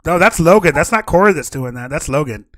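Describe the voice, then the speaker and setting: A man's voice: fairly high pitch, lively intonation, fast, a bit bright. A man running a tabletop game as game master, prompting the players in a casual, hesitant way.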